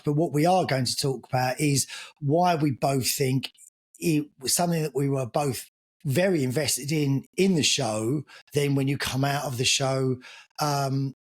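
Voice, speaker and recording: A British man hosting a podcast, chatty and teasing as he introduces his guest. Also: medium pitch. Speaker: podcast host. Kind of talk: casual chat.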